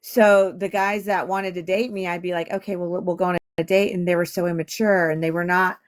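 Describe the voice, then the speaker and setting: A woman's voice: fairly low pitch, level tone, brisk. A middle-aged woman chatting casually on a livestream, rambling with restarts and filler words. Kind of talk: casual chat.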